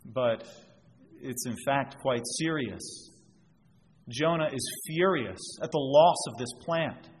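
A man's voice: mid-range voice, takes it slowly. A man preaching a sermon, explaining scripture verse by verse and drawing out everyday examples. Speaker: pastor. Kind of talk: expository sermon. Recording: long reverb, faint background noise.

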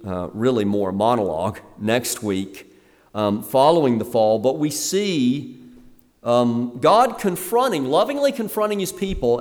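Man preaching in an echoey hall. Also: mid-range voice. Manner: emphatic, preacherly, with fillers and restarts. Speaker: pastor. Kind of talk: sermon.

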